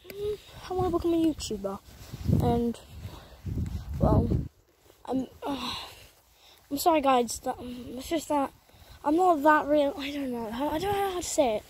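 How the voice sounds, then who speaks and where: High-voiced young woman, rambling. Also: darkish tone, slight background noise. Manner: rambling, apologetic, chatty. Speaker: vlogger. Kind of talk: casual walking vlog. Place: outdoors on a country road. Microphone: phone camera held while walking.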